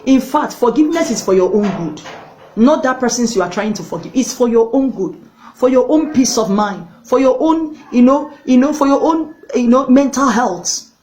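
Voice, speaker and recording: An earnest woman evangelist preaches a sermon and tells a story, speaking directly to the viewer and pleading with her listeners while repeating things for emphasis. Her voice is fairly high, expressive and darkish in tone at a normal speed. The audio is poor, with a little hiss or hum.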